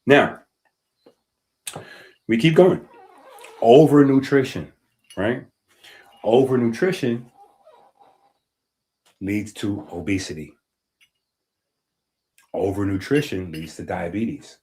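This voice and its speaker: A man's voice: on the low side, animated, slow pace, pauses often, a little mellow. A man giving a casual, emphatic health-talk monologue, reading passages aloud and often checking in with "right?". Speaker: health streamer.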